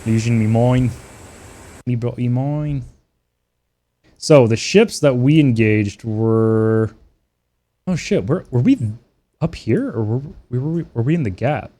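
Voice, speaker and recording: Casual swearing male streamer at mid pitch. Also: expressive, takes it slowly, long pauses, warm tone. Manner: loose, swearing banter with chat and teammates. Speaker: streamer playing a flight simulator. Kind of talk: casual live-stream chat with radio calls.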